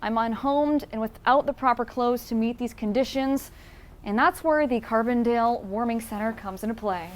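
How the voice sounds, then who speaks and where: A woman's voice: on the high side, normal speed. A young woman, a TV weather anchor and field reporter, explaining forecasts in an upbeat broadcast manner.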